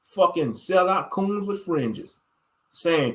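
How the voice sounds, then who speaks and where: A man with a slightly high, expressive voice rants at normal speed as the host of an online show. He is blunt and forceful, swears freely, and fills his speech with verbal fillers.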